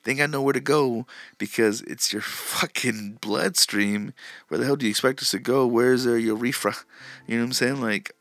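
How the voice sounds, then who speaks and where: A man's voice: mid-range voice, normal speed, a bit bright, no echo. A man hosting a solo podcast, rambling crudely in a casual monologue and often cutting himself off. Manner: crude, rambling, self-interrupting. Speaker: podcast host.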